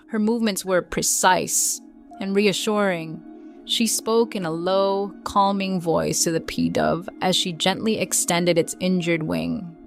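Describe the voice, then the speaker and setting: A woman's voice: on the low side, gravelly. Soothing woman bedtime storyteller. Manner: soft, gentle, unhurried storytelling. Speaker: narrator.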